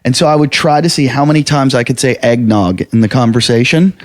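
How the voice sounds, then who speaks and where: A man's voice: medium pitch, fairly quick. A man who does stand-up comedy, chatting casually and telling anecdotes while laughing along. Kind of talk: casual chat.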